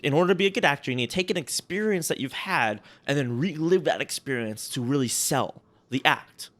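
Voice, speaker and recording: Lively, self-mocking man co-hosting a podcast. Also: on the high side, brisk. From United States. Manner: rambling, self-mocking, laughs easily. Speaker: podcast co-host. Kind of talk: casual podcast chat.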